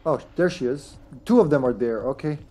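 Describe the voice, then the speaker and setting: A man's voice: on the high side, expressive, a little fast, dark tone. Jokey man streaming a horror game. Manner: jokey, laughs often, trails off mid-sentence. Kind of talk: casual gaming chat.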